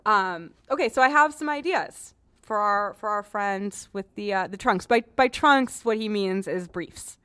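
A woman's voice: medium pitch, unhurried, sharp tone, clean tone, no room sound, studio quality. A woman hosting a podcast in a frank, joking, chatty way, often restarting her sentences. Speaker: podcast host, cleaning advice columnist. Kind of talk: casual podcast chat.

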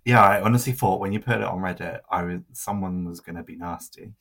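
A woman's voice: rumbling low, brisk, breathy edge. A woman co-hosting a podcast, telling stories in casual chat and swearing freely. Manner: storytelling, swears freely, laughs often. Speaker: podcast co-host.

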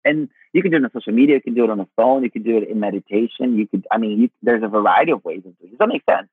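A man's voice: fairly low pitch, rapid-fire, slightly rough, no room sound. A man giving casual spiritual advice, swearing freely and calling the listener honey. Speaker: spiritual teacher. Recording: tinny phone-like sound.

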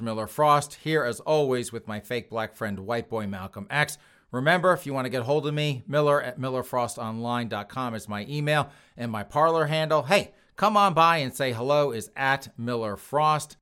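A man hosting a comedy podcast, reading news stories and riffing on them in an animated way with frequent laughs, addressing his listeners as "folks". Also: mid-range voice, smooth. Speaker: podcast host.

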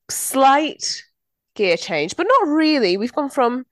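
A woman co-hosting a podcast, telling lively anecdotes in casual chat and laughing often. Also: high voice, moderate pace, dry recording. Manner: chatty, animated anecdotes with frequent laughter. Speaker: podcast co-host.

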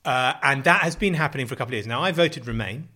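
A middle-aged British man chatting casually as a podcast co-host, animated and jokey, swearing freely. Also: medium pitch, quick pace. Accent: British English. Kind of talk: casual chat.

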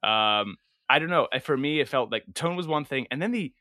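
A man co-hosts a relaxed podcast, rambling and restarting his thoughts in casual chat, with crude asides. His voice is bright and tense at a mid pitch, and the recording is dry and close. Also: a little fast, dry recording. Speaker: podcast co-host.

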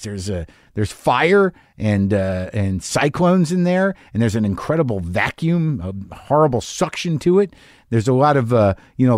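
A man's voice: mid-range voice, darkish tone, no room sound, studio quality. A man in his fifties, a podcast host giving a rambling, candid, self-deprecating monologue with plenty of swearing. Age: 50s. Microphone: studio mic in a home garage.

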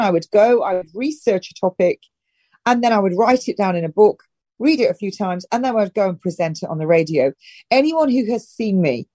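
A woman's voice: mid-range voice, dark tone, no echo, studio quality. A middle-aged woman from northern England, a health and wellness guest, giving direct, emphatic advice in a casual interview. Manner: direct and emphatic, with brisk instructions.

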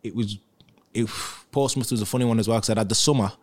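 This ex-pro footballer talks fast in a fairly low-pitched voice, sharing casual interview stories about his playing days. He's lively and conversational, putting on voices to act out other people's lines.

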